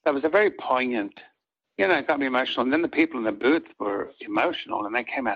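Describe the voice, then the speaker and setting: Older man telling earnest, halting stories. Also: mid-range voice, slightly rough. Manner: earnest, halting, with many restarts. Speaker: actor, guest. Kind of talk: reflective storytelling in an interview. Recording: dull lo-fi audio.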